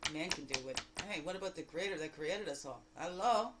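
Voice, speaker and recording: A woman giving a daily spiritual card reading in a lively, exclamatory way, full of rhetorical questions and repeated phrases. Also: brisk, heavy background noise. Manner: animated, jumping between loud bursts and low asides. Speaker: spiritual guide.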